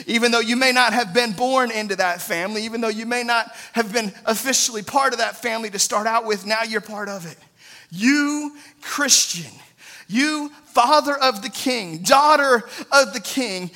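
A man's voice: very high voice, pushed and bright. A man in his thirties preaching a sermon in an earnest, conversational way, often adding "right?" asides. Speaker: pastor.

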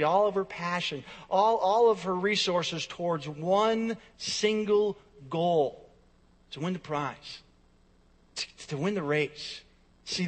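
A man preaching a sermon to his congregation, emphatic and repetitive, with his volume rising and falling. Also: high-pitched. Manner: emphatic preaching with repeated phrases and swings in volume. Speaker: pastor. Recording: long reverb of a large hall.

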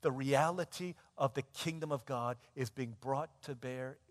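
A male pastor preaching a sermon, telling stories animatedly and moving between loud and hushed. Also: medium pitch, unhurried. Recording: long hall reverb.

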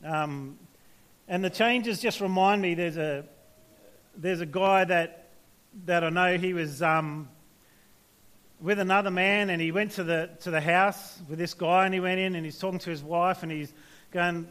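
A man's voice: high voice, normal speed, a bit bright. A man preaching a casual, conversational sermon to young people, telling stories and checking in with the listeners. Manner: conversational, anecdotal, frequent restarts and tag questions.

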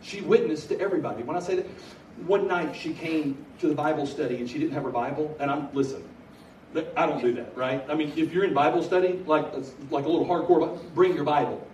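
A middle-aged man preaches a sermon to a large room at a college gathering, telling stories energetically with bursts of excitement. His voice is on the high side and a little fast, captured from a distance in an echoey room with faint ambience and slight hiss or hum.

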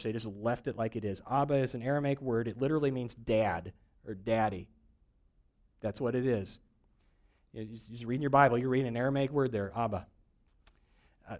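Joking, conversational man preaching. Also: medium pitch. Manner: conversational and humorous, acting out voices for jokes. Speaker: pastor. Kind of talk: sermon.

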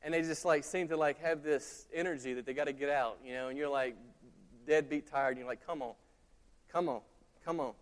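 A man in his thirties preaching a sermon, telling stories in a conversational, animated way with asides to the congregation. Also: a little high, a little fast, clean tone, in a large hall. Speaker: pastor. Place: church sanctuary.

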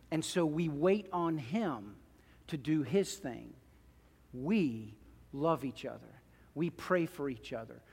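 A middle-aged man preaching a sermon, moving between loud pleading and quiet, hushed asides. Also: on the high side, long reverb tail. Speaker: pastor.

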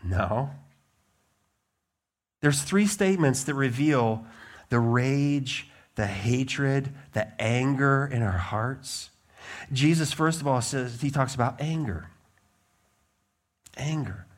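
A man preaching a sermon as a pastor, emphatic and blunt, with lively swings in his delivery. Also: mid-range voice, slow, long pauses.

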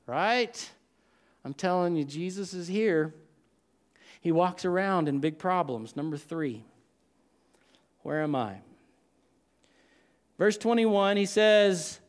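A male pastor preaching a sermon dramatically, swinging from loud lines to hushed ones with long pauses. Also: high-pitched, animated, clear, resonant tone.

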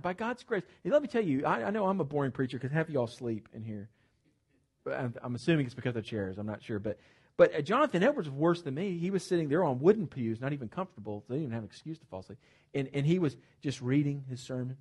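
A man preaching a sermon to his congregation, emphatic and animated, with joking asides and repeated words at the starts of phrases. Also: a little high, fast. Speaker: pastor. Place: church sanctuary with congregation.

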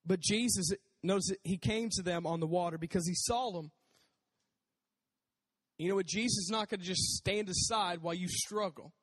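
A man preaching a casual sermon in a conversational, animated way, acting out voices as he talks. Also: sits high, normal speed, long reverb tail.

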